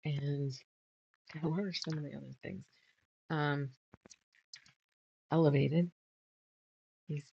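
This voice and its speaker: A woman's voice: lowish voice, vocal fry, darkish tone, dry recording, dull audio. A middle-aged woman chatting casually while she quilts, rambling through stories, trailing off and laughing at herself. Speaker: quilting vlogger. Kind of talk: casual chat while sewing.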